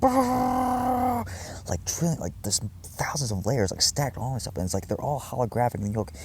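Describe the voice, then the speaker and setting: Fast and animated, with a lowish, creaky voice, this man rambles intensely at his viewers, cursing frequently and restarting his sentences amid many fillers. The recording is very noisy.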